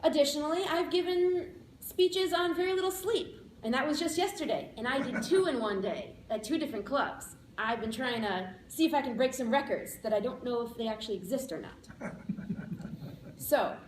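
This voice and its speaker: A woman giving a playful, upbeat speech of practical advice to a speaking club, with emphatic slowed-down lines. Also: high voice. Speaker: public speaker. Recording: echoey room, faint background noise.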